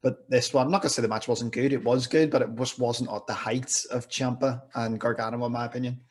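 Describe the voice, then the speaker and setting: A man as a podcast guest in casual wrestling chat, giving relaxed, measured opinions. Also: mid-range voice.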